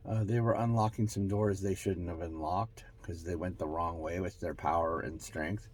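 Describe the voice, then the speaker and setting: A man hosts his own show, musing aloud in a rambling, self-mocking way as he passes along channeled messages, often trailing off and starting over. His slightly rough voice moves at a moderate pace, with pitch and volume swinging widely from bright bursts down to low mutters. It's a casual spiritual channeling monologue.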